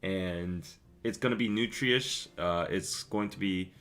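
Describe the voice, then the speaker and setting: A young man hosting a live stream, chatting casually and rambling through stories and viewer comments with quick asides and laughs. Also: sits low, a bit bright. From Korea. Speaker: podcast host reading live chat.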